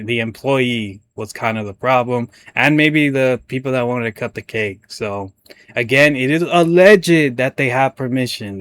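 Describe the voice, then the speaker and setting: A man's voice: mid-range voice, a bit bright. A young man hosting casual reaction commentary, rambling and stammering as he chats. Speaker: commentary channel host.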